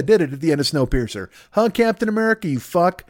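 A man in his fifties rambles through a solo podcast monologue at a rapid clip, swearing freely and mocking himself. He keeps jumping into exaggerated voices for imagined people. The sound is dry and close. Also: a little high, lively intonation, dry recording. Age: 50s. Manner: profane, riffing, self-deprecating, leaps into exaggerated mock voices. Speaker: podcast host.

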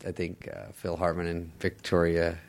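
A middle-aged man sits in on a casual podcast chat and tells comic stories. His voice sits a bit low, and his delivery is wry and sarcastic, with quick impressions of other people thrown in. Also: completely flat delivery, gravelly. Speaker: podcast guest, comedian.

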